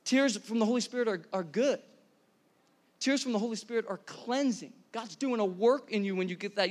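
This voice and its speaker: A pastor in his thirties preaching a sermon to a congregation, energetic and conversational, asking the room questions. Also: extremely high pitch, fairly quick. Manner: energetic, conversational, many restarts and audience questions. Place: church hall before a congregation.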